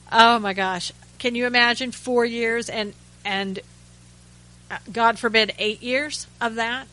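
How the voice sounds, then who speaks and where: A woman's voice: on the high side, fairly even intonation, slow, sharp tone, poor audio. A woman hosting a talk radio show, giving chatty, sarcastic commentary with frequent asides and restarts. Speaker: radio host.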